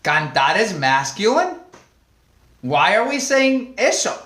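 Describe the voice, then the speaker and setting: A man leads a live online Spanish lesson with a playful, animated manner, reacting to viewers' comments as he goes. His voice sits high and swings widely in pitch while he speaks at an unhurried pace. The recording carries a noticeable room echo. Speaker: Spanish teacher. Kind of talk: live online language class.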